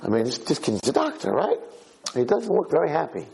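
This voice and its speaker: A tired man gives an informal Torah lesson and tells a story as he goes. His voice is husky and his delivery is lively, with wide swings in pitch. He talks casually, like a storyteller. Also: a little fast, rough recording. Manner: chatty storyteller, acts out the characters. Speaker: rabbi giving a Torah class. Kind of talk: informal Torah lecture with a told joke.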